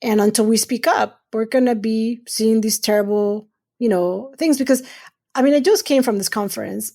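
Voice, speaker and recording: Fairly high-pitched with vocal fry and a dark tone, a middle-aged female urologist speaks at a moderate pace as a surgeon guest in a podcast interview. She's earnest and emphatic, frequently repeating phrases to stress them.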